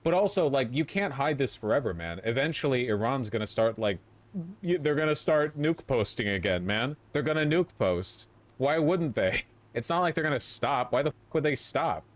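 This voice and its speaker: A man's voice: mid-range voice, animated, moderate pace. A man hosting a livestream, giving casual political commentary in a rambling, incredulous and profane manner with many filler words. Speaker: livestream host.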